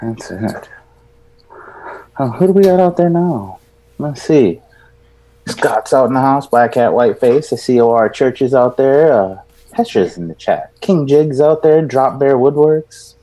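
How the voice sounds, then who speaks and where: A man's voice: mid-range voice, expressive, a little slow, mellow, poor audio. Man, show host, casual group chat, swears a lot, jokes around. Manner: profane, jokey storyteller. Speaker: host of a live vaping show.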